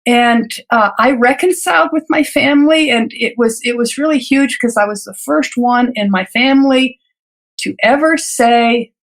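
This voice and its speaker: Woman doctor, interview guest, high voice, reflective storyteller, light laughs, halting repeats. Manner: earnest, reflective, laughs lightly between thoughts; halting restarts and repeated words. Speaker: physician guest.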